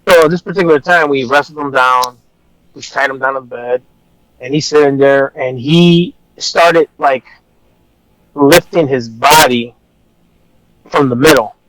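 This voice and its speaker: A man's voice: medium pitch, unhurried, pauses often, a bit bright, rough recording. A man, an officer, telling a personal story in a casual, rambling way, blunt and swearing at times. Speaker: officer guest.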